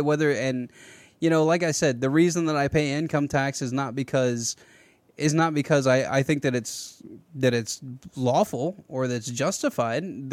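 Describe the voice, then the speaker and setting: Rambling, animated man hosting a podcast. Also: on the high side, no echo. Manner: animated, rambling, with many restarts. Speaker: podcast host. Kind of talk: casual political talk.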